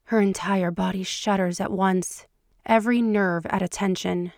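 Soft-spoken woman reading fan fiction. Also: mid-range voice, fairly even intonation, moderate pace, dry recording, clean studio sound. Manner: soft, intimate storytelling. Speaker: podcast narrator.

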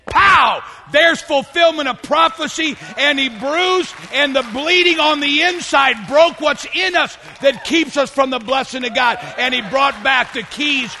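A man preaching a fervent sermon to a congregation, often rising into shouts. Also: extremely high pitch, a little slow, hardly any pauses, a faint crowd, slight background noise. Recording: long hall reverb.

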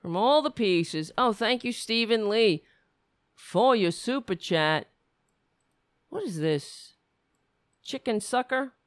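A woman hosting a live-stream show, ranting and rambling in casual chat as she thinks aloud, her voice going hoarse. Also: fairly high pitch, lively intonation, slow, long pauses, dry recording, studio quality. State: losing her voice.

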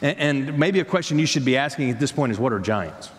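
A man's voice: mid-range voice, expressive, fast. A man preaching a sermon as pastor, emphatic, repeating words and restarting phrases. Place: church sanctuary. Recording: long hall reverb.

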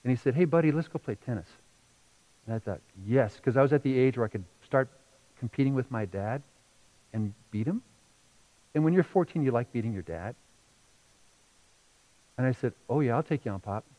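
Emotive male pastor, lively delivery. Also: medium pitch, normal speed, pauses often, rough recording. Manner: emotional storytelling, rising and falling between hushed and loud. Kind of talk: sermon.

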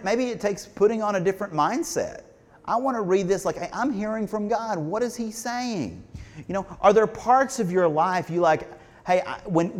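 A pastor with a high voice preaches a sermon in a church sanctuary, the sound carrying like a big room. He speaks conversationally and asks the congregation questions.

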